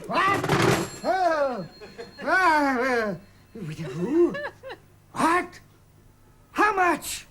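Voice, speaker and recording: Huffy posh gent, high and bellowing, slow, loud music under it. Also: male voice, big pitch swings, full character voice. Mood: outraged. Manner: blustering, shouting. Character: furious pompous English gentleman. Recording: music playing loudly behind.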